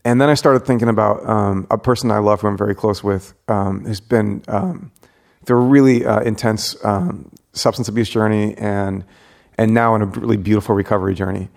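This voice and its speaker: A man's voice: on the low side, steady tone, brisk, creaky, darkish tone. A man who is a pastor, hosting a casual interview, talking reflectively with many fillers and restarts. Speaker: pastor and podcast host.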